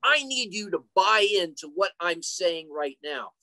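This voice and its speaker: A man's voice: high voice, animated, measured pace, sharp tone, dry recording, rough recording. An older man presenting an online career talk, chatty and full of stories and joking asides. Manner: chatty, storytelling, jokey asides. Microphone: computer mic on a video call.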